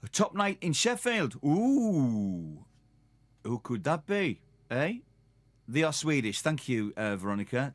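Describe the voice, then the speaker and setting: A chatty Geordie man rambles to his viewers on a live stream, mocking himself as he goes. His voice is mid-pitched and sits in a dry, close room. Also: sing-song, unhurried, no room sound. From North East England. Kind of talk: casual chat to viewers.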